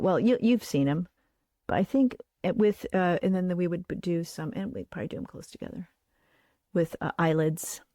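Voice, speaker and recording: Woman, low-ish voice, casual craft-stream host, rambling and thinking aloud, dry sound. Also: dark tone, dry recording. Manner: chatty, thinking aloud, trailing into murmurs. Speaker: puppet builder and show host. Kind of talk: craft livestream demonstration.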